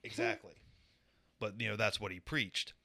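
A young man on a casual podcast, with a lowish voice that still sounds bright and forceful. He explains a topic in an offhand way, with plenty of fillers. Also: steady tone, moderate pace, gravelly. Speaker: podcast co-host presenting a segment.

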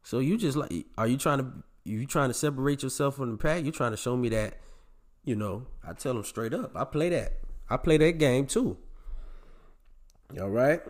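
A man's voice: medium pitch, lively intonation, moderate pace. Blunt, preachy male podcast host. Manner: blunt, preachy, swears and gets raw; talks straight to his male listeners. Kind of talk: casual podcast monologue.

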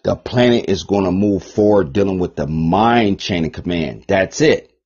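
A man hosting a podcast, ranting in a profane, rambling monologue, repeating himself and swinging between loud bursts and mutters. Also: low voice, normal speed, slightly rough. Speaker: podcast host. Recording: dull lo-fi podcast recording.

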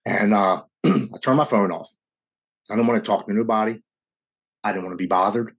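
A man candidly telling a raw personal story in an interview, speeding up and slowing down as the emotion rises. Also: lowish voice, gravelly, slightly rough. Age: adult with young children. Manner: earnest, raw, quickens and slows with emotion. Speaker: guest sharing his recovery story.

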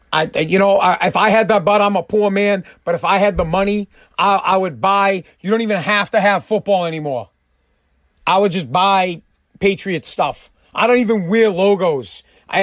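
A man's voice: high voice, no echo, clean studio sound. Fired-up man ranting crudely. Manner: fired-up, emphatic, crude, stumbling restarts. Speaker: vlogger. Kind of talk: profane opinion rant to camera.

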